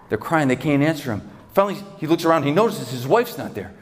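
A man's voice: on the high side, big pitch swings, fast talker, hardly any pauses. A man preaching as a pastor in a church, retelling a story dramatically and vividly with repeated phrases. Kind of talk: sermon storytelling. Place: church sanctuary. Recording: long church hall reverb.

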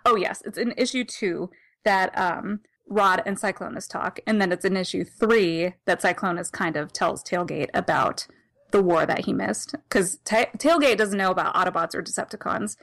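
A woman's voice: fairly low pitch, moderate pace, vocal fry, fairly bright tone. Laughing, rambling woman podcast co-host. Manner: rambling, laughing, self-correcting. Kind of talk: casual comic discussion.

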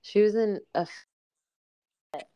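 A woman's voice: medium pitch, takes it slowly, clean tone, highs cut off. A woman in her thirties, a podcast co-host telling family stories in casual chat, laughing often. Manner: animated storyteller, laughs often.

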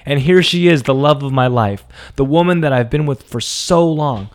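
A young man telling a personal story dramatically, swinging between hushed lines and emphatic, profane outbursts. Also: medium pitch, normal speed.

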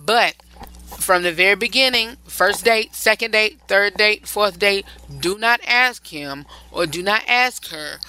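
A woman's voice: mid-range voice, a little slow, bright, forceful tone, poor audio. A woman hosting a relationship advice show, talking casually, stressing her points by repeating phrases and often rambling and restarting. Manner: loose, rambling delivery with restarts.

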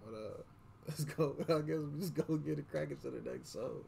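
A man's voice: a little high, normal speed, creaky, a little mellow, a little hiss or hum. A man hosting a music podcast in a casual, slangy, laughing way. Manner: laid-back slangy banter with laughs. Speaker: podcast host. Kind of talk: casual chat.

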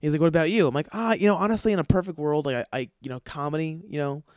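A man's voice: fairly high pitch, animated, rapid-fire, darkish tone, dry recording, studio quality. Profane man telling a rambling story. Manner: profane, rambling, filler-heavy; acts out quoted dialogue. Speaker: podcast host. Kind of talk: casual storytelling monologue.

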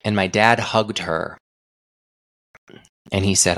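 A man's voice: lowish voice, steady tone, takes it slowly, a bit bright, no room sound, studio quality. A young adult man hosting a solo podcast, talking in an earnest, reflective way with frequent restarts. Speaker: podcast host.

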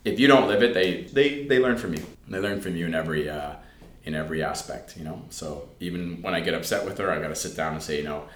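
A man's voice: sits low, fast, slight background noise. A middle-aged man being interviewed, chatting casually and acting out family conversations as he tells them. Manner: animated storyteller who acts out family dialogue. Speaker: interview guest. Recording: roomy echo.

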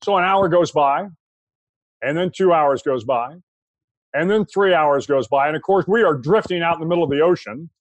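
An older American man, a guest in an interview, telling a long anecdote in a relaxed, conversational way with frequent restarts. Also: on the high side, normal speed, dry recording, muffled recording. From United States. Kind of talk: storytelling anecdote.

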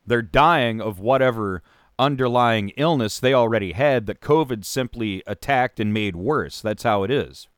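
A man's voice: mid-range voice, normal speed, clear, resonant tone, no room sound, studio quality. A man hosting a talk radio show, delivering a sarcastic, opinionated monologue with mocking put-on voices.

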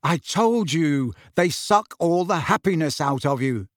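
A man's voice: on the high side, lively intonation, measured pace, no room sound, clean studio sound. A man voicing an impatient, exasperated teenage boy in an audiobook, with clipped speech. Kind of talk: audiobook character voice.

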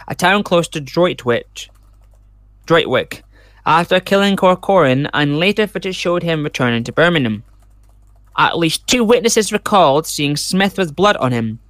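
A man's voice: fairly high pitch, fairly bright tone, no echo, studio quality. A man hosting a casual true crime podcast, reading case details aloud and rambling into side comments. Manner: rambling, reads case notes aloud with chatty asides. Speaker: podcast host.

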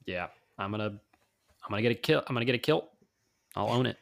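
Lower-pitched man, halting and playful. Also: expressive, gravelly, a bit bright. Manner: halting, filler-heavy, playful. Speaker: podcast co-host. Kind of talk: casual podcast chat. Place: at home on a video call. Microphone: video call.

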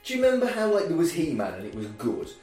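A man gives wry, opinionated takes in a casual podcast chat. His pitch swings widely as he talks. He sits off-mic in a very echoey room, with faint music behind. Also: wildly swooping pitch, quick pace, a little mellow, far from the mic.

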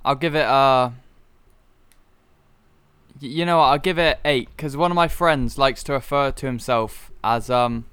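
Bright, deadpan young man. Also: medium pitch, measured pace, pauses often, clear, resonant tone, no echo. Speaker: podcast co-host. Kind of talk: casual chat.

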